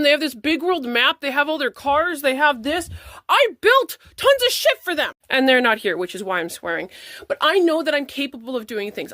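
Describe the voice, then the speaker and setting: A woman's voice: sits high, bright, forceful tone, no echo. A young adult woman angrily venting to camera, swearing and close to tears. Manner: angry, profane, fast venting. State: tearful. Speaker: parent vlogger. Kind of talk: emotional rant to camera.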